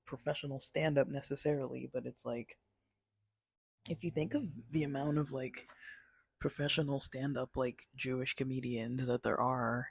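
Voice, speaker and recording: A man's voice: mid-range voice, vocal fry, husky, dry recording. A man casually reviewing a movie, rambling with many fillers and restarts. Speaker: channel host.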